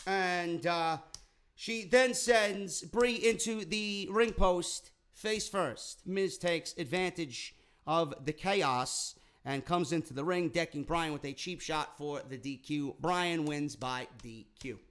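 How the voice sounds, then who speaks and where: A man's voice: fairly high pitch, slow pace, fairly bright tone, clean tone. A man recapping a wrestling show in a casual, sarcastic rant full of swearing. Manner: profane, sarcastic, rambling.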